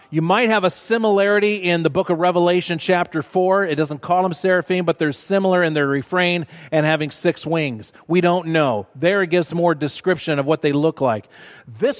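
A man preaching a sermon in a church, measured and emphatic, repeating words for stress. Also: on the high side. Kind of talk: sermon teaching. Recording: long reverb of a large hall.

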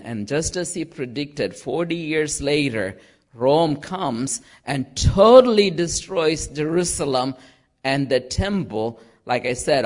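Slow, deliberate male preacher. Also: mid-range voice. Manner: slow, deliberate preaching with chanted quotes and fillers. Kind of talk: sermon.

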